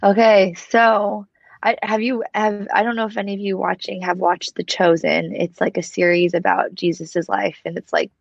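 A woman co-hosting a casual faith conversation, telling a story in an animated way and laughing at herself. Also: medium pitch, moderate pace, gravelly, no echo. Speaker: co-host of a faith talk show. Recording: dull dry lo-fi recording.

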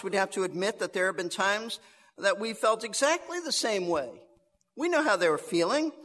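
High-pitched guy preaching through bible verses, measured, repeats himself for emphasis. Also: a bit bright, long reverb tail. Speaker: pastor. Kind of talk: verse-by-verse sermon.

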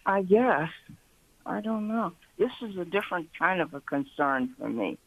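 A woman's voice: lowish voice, lively intonation, low-quality recording. A woman calling in to a radio show, speaking hesitantly and with worry. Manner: hesitant, worried, slow. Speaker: caller. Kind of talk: phone call to a radio show.

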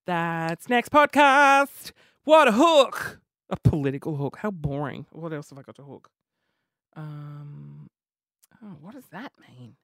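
Young aussie guy doing a solo comedy pod, rambly and self-mocking, super lively voice, dry close sound. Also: a little high, slow, dry recording. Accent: Australian. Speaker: podcast host. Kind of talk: solo comedy podcast monologue.

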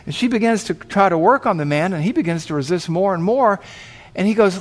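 A man's voice: sits high, fairly quick. A man preaching, telling a vivid story and acting out the voices of the people in it. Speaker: pastor. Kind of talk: sermon storytelling.

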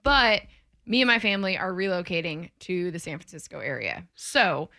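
A woman co-hosting a sports talk radio show, teasing her partners in quick back-and-forth chat. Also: lowish voice, animated, bright, forceful tone.

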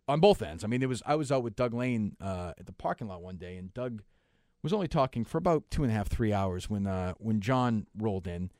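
A middle-aged man hosting sports talk radio, quick and sarcastic, swearing casually as he tells stories. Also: fairly low pitch, animated, a little mellow, dry recording, studio quality.

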